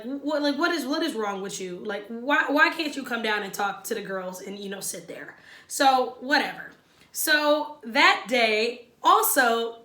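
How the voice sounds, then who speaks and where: A woman's voice: on the high side, sharp tone, echoey room. A woman giving a casual, opinionated recap of a reality show, chatty and sassy as she talks straight to her viewers.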